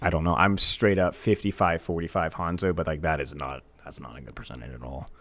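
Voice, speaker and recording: A man playing a casual gaming quiz as contestant, stammering and mocking himself as he thinks out loud. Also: very deep voice, fairly quick. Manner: stammering, animated, self-mocking.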